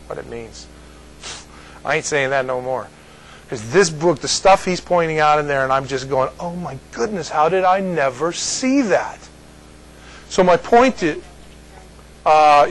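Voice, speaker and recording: A man's voice: mid-range voice, fairly bright tone, a little hiss or hum, low-quality recording. A man as pastor giving conversational Bible teaching, rambling and folksy, often asking "you see?".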